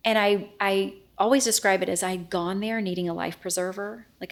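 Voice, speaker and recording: A woman's voice: mid-range voice, fairly even intonation, fairly quick. A middle-aged woman as an interview guest, frankly telling a personal story and often acting out what she and others said. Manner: earnest, frank, quoting herself and others in dialogue.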